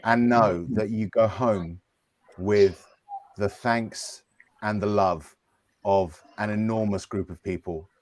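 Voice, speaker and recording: A man who is a solicitor, giving a measured, emphatic farewell speech on a video call. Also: lowish voice, fairly even intonation, no echo, poor audio.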